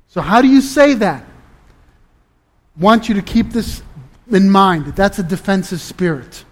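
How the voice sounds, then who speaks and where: A man preaching a sermon, deliberate and emphatic, dropping to a low, intense hush at times. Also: animated.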